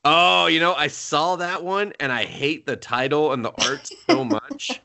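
A man's voice: fairly high pitch, animated, measured pace, creaky, pushed and bright. A man co-hosting a casual podcast, retelling a story animatedly, laughing often and swearing freely. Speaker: podcast co-host.

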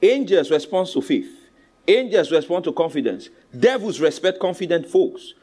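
Preaching at an ordinary speed, a male pastor with a Nigerian accent holds the room with lively authority, moving from loud exhortation to low asides to call-and-response with the congregation.

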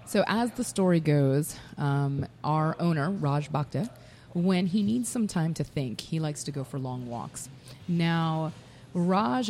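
A woman, a guest on the show, telling an animated story about her brand in a casual interview, recorded in a bar. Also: sits low. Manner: animated storyteller who acts out dialogue. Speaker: whiskey brand representative, guest. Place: busy bar. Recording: bar with faint background music.

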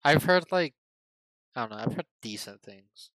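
A man's voice: mid-range voice, lively intonation, moderate pace, a bit bright, low-quality recording. A young man guesting on a podcast, chatting casually with laid-back, dry remarks. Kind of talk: casual chat.

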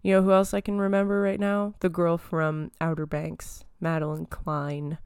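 A woman's voice: lowish voice, little pitch movement, moderate pace, darkish tone, clean tone, no echo, clean studio sound. A young woman hosting a casual pop-culture podcast, rambling with lots of fillers and giggles, a little phlegm in her throat. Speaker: podcast host.

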